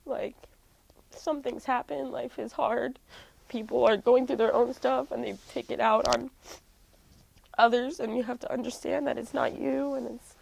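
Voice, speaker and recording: Young woman, musician, creaky gravelly voice, candid storytelling, lots of "like" fillers. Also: on the high side, darkish tone, low-quality recording. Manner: heavy use of "like" fillers, candid. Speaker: interviewee, musician. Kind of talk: emotional personal storytelling.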